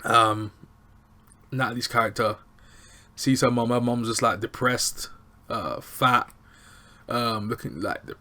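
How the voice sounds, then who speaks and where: A man's voice: mid-range voice, slow, long pauses. Chatty man recapping a TV episode. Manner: animated, chatty, acts out quotes. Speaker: TV show reviewer. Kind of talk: casual recap video.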